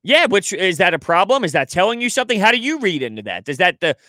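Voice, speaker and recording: A sports radio co-host with a high, sharp and bright voice asks probing questions and fires back quick reactions to his partner. He is recorded close and dry in the studio. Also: very animated, no room sound. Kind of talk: casual sports talk.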